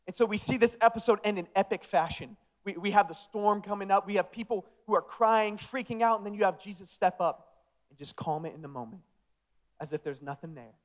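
A young man delivers a lively sermon in a high, bright-sounding voice. He acts out the dialogue of the disciples in casual modern slang, then swings back to earnest, direct appeals to his listeners. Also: fairly quick. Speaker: pastor.

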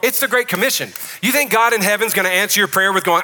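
A male pastor with a Southern US accent delivers a lively sermon, joking with his congregation. His voice is bright and forceful, a touch high for a man. The sound carries a long echo from a large church hall. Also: very fast, few pauses. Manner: joking, animated preaching. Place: church sanctuary.

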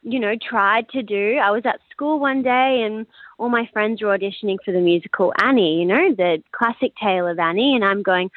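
A woman's voice: mid-range voice, normal speed, dry recording. A young Australian woman, a singer-songwriter, chatting as a guest in a radio interview over the phone, laughing often. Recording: dry tinny phone line.

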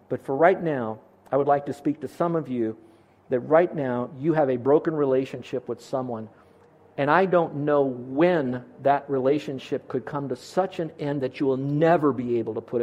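A man's voice: mid-range voice, dark tone, lo-fi sound. A middle-aged man preaching a sermon as a pastor, earnest and asking his congregation questions.

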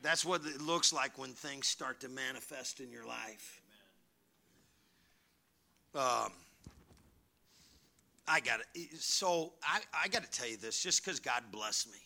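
Male pastor, gravelly and sharp-toned, preaching by storytelling, drops to hushed asides then builds to near-shouts. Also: mid-range voice, expressive, slow pace, long pauses. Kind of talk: sermon.

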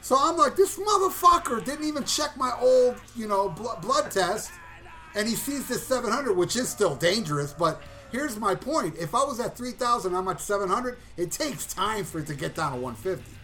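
Animated, foul-mouthed man telling a story. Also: sits high, normal speed, faint music behind. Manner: animated, profane, acts out voices and shouts at punchlines. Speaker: podcast co-host. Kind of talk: casual storytelling chat.

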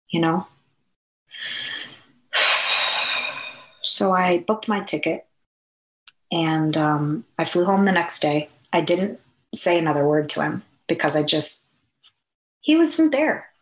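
A woman telling a personal story in a halting, conversational way, with many fillers and restarts. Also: lowish voice. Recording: echoey room.

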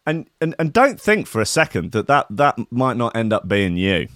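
A man's voice: medium pitch, big pitch swings, moderate pace, fairly bright tone, no echo, clean studio sound. Rambling, profane male host. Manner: rambling, profane, playful mock-cockney bits. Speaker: show host. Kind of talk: casual comedic monologue with swearing.

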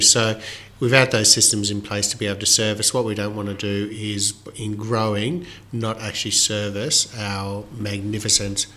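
A man co-hosting a business podcast, teasing his partner and explaining plans in a lively way. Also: fairly low pitch. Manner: teasing, animated, quick to laugh. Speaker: podcast co-host. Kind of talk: casual business podcast chat. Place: studio room. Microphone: desk microphone.

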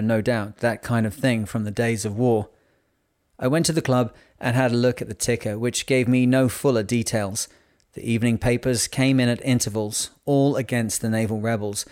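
A man narrating a novel in a measured, unhurried reading voice. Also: mid-range voice, darkish tone. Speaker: audiobook narrator. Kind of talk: scripted narration.

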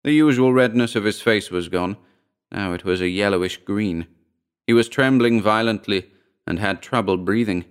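Guy reading a short story aloud, really deep voice, smooth and clear, steady pace. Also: normal speed. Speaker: narrator. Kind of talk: scripted story narration.

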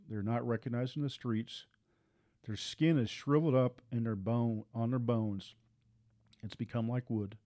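A man preaching a sermon with forceful repetition, his voice climbing higher and louder as he presses his points.

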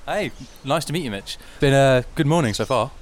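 A man from South Wales with a British accent, a doctor interviewed as a guest rider, modest and quick to laugh. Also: mid-range voice, animated. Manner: modest, laughing easily, hesitant fillers. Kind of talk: casual interview.

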